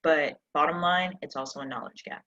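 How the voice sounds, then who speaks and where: A woman's voice: deep voice, a little fast, pushed and bright, muffled recording. A woman success coach giving an emphatic motivational coaching session, full of rhetorical questions, over a live stream mic.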